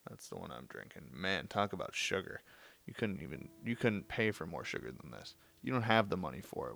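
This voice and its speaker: Young male podcast host, casual self-mocking rambler, gravelly voice, dry close sound. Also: on the low side, very animated, brisk, fairly bright tone, no room sound. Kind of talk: casual solo podcast chat.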